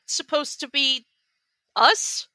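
A woman's voice: high-pitched, slow pace, noisy background. A woman co-hosting a comedy podcast, making blunt, snarky remarks with casual swearing. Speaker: podcast co-host. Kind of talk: casual comedic review chat.

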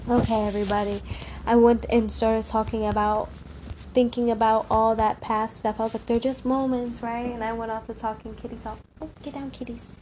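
High-voiced woman repeating affirmations. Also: little pitch movement, brisk, a little mellow, a little hiss or hum. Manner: drifting, breaks off mid-sentence. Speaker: spiritual vlogger. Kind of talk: casual heartfelt monologue.

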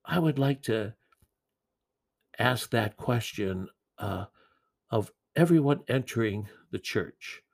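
A man delivers a sermon in an earnest, gentle manner. His mid-range voice carries a gravelly edge. He sometimes repeats a word as he goes. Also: medium pitch, animated, takes it slowly, pauses often. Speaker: preacher.

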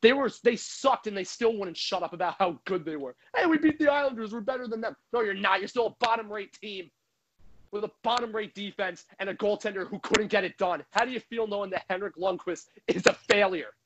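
A man's voice: high voice, a little fast, fairly bright tone, slight background noise, rough recording. A man delivering a heated, profane sports rant as a frustrated hockey fan, speaking into a microphone. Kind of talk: ranting sports commentary.

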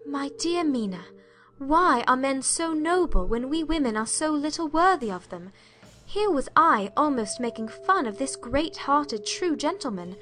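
A woman narrates a period story as a heartfelt letter. Her reading is emotive and confiding. Her voice is high and bright. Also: big pitch swings, measured pace. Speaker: audiobook narrator.

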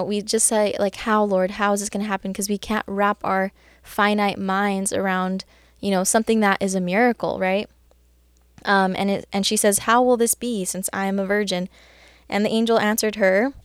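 A woman's voice: mid-range voice, smooth, dry recording, studio quality. Earnest young woman sharing scripture. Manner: earnest and chatty, many fillers, excited about scripture. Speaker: Christian devotional speaker. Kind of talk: casual Bible devotional talk.

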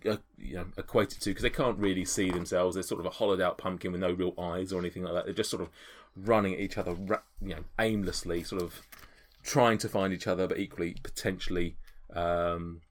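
A man's voice: deep voice, fairly even intonation, fast talker, few pauses. A man narrating a tabletop game as game master, with lots of hesitant fillers.

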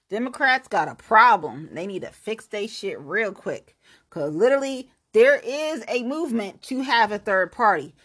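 A woman hosting her own podcast, ranting bluntly and profanely, swinging between loud outbursts and low muttering. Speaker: podcast host. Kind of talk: unscripted solo podcast rant.

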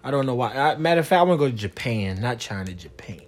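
A man's voice: medium pitch, expressive, fast talker. A man chatting casually with his child, teasing and joking in a loose, slangy way. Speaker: parent.

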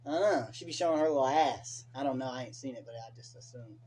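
A young man hosting a casual late-night podcast, ranting profanely with animated opinions. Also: mid-range voice, quick pace, a little hiss or hum. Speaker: podcast host.

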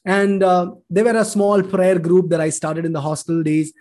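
A man's voice: sits high, level tone, normal speed, darkish tone. A man, telling his life story in an earnest, emotional testimony sermon. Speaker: preacher giving a testimony.

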